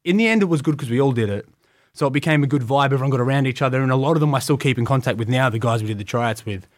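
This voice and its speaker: A man with an Australian accent, a guest who tried out for wrestling, rambles through his story in an interview, leaning heavily on "like." He talks rapid-fire at medium pitch, and the recording is dry and studio quality.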